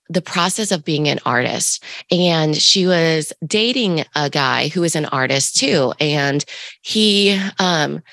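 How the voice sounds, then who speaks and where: A woman with a raspy voice, co-hosting a podcast, talking in a rambling, coaching way with many fillers. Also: deep voice, a bit bright, no echo. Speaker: podcast co-host. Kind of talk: casual podcast monologue.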